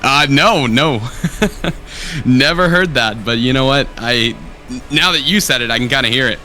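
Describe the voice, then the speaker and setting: A man's voice: medium pitch, unhurried, pushed and bright, a little hiss or hum. A man from the USA, a fellow streamer, chatting enthusiastically and laughing easily on a game call. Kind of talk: casual gaming chat.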